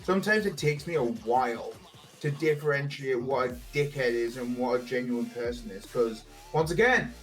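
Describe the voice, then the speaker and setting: A man's voice: mid-range voice, moderate pace, soft background music. A young man chatting casually on a stream, rambling through stories and swearing often. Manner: rambling, swears a lot, laughs at his own stories.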